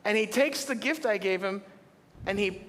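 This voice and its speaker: Preaching from a church auditorium, a middle-aged pastor tells stories full of humor and animation. His pitch sits high, his tone is fairly bright, and he keeps a moderate pace. Long reverb from the hall trails every line.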